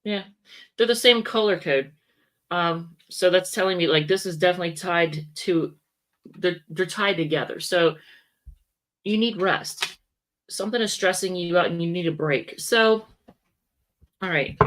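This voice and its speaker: A woman's voice: lowish voice, measured pace, long pauses. Chatty woman doing a tarot reading. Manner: rambling, self-correcting, chatty asides. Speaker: tarot reader.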